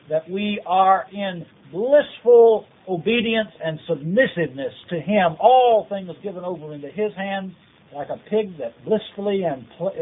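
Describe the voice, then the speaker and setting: A man preaches with an earnest, urging push, hammering his points through repeated phrases. His voice sits high for a man. The tape sounds thin and tinny, almost like a phone line. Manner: earnest, exhortative, repetitive phrasing. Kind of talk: taped sermon.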